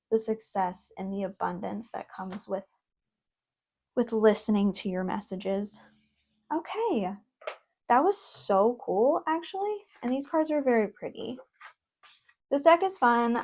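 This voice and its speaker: A young woman in a casual vlog, reviewing an oracle deck at home, reading card meanings aloud between excited, chatty asides and laughs. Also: fairly high pitch. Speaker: tarot content creator. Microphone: own microphone.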